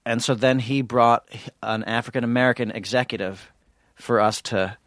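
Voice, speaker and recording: A man's voice: mid-range voice, steady tone, moderate pace, a bit bright, dry recording, studio quality. A man co-hosting a podcast, telling rambling stories in casual chat with lots of restarts. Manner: rambling storyteller, chatty with many restarts. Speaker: podcast co-host.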